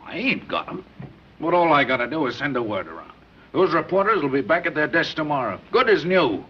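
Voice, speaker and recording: An actor playing a smooth-talking gangster who bargains in slang in an old film. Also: male voice, a little high, very animated, slight background noise. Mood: bargaining. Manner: fast-talking, persuasive slang. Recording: dull muffled 1930s film soundtrack.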